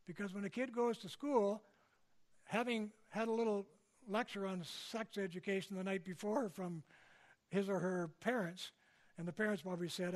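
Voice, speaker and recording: A man's voice: high-pitched, moderate pace. An older man from Canada giving a public lecture in a conversational way, often checking in with his listeners. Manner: conversational, frequent tag questions. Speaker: speaker.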